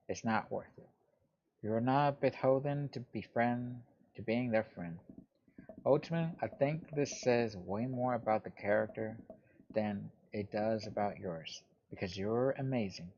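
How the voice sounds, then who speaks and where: Male let's-play host, earnest and fatherly, mid-pitched, dull lo-fi recording. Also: normal speed, a little mellow, slight background noise. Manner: earnest, fatherly advice-giving. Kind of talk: reading game dialogue aloud.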